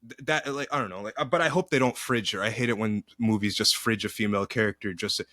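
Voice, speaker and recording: A man co-hosting a podcast in casual chat, animated and slangy, rambling through his takes. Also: fairly low pitch, fast talker, no echo, clean studio sound. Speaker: podcast co-host. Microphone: podcast mic.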